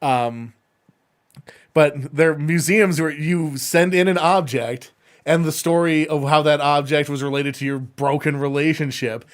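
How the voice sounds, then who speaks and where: A man's voice: fairly high pitch, steady tone, unhurried. Rambling young man, casual podcast chat. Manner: rambling, lots of fillers and restarts. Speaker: podcast co-host.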